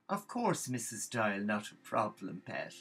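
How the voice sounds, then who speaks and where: A man voicing a blustering, hot-tempered Irish parish priest who talks loudly and indignantly, with a gravelly edge. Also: lowish voice, wildly swooping pitch, a little slow, full character voice. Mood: cheery.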